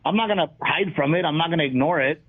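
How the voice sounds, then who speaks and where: A man, a comedian guest in a casual interview, telling lively stories and acting out what people said. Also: a little high, fast. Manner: animated storyteller, acts out quotes. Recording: tinny phone-like line.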